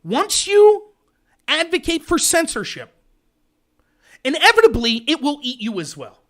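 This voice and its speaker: A man hosting a political commentary livestream, ranting in an animated, sarcastic way. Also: very high voice, a little slow. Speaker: host.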